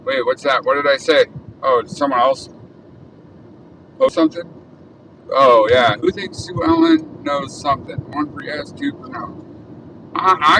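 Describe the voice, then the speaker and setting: Guy rambling on a phone livestream while driving, kinda high voice, phone mic a bit far off, road noise behind. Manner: chatty, reads viewer comments aloud. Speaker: livestream host. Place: in a car on city roads. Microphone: phone held in car. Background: traffic noise.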